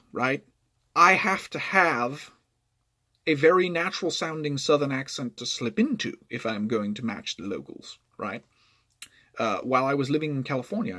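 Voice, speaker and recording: Man, gaming vlogger, storytime, explanatory, animated pitch. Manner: explanatory, keeps checking in with "right?". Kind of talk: storytime vlog.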